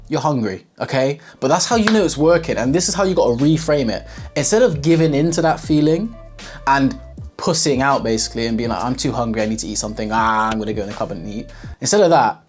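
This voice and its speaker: Blunt, profane young fitness coach. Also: male voice, mid-range voice. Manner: blunt and profane, slangy, addresses viewers directly. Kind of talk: casual vlog talk to camera.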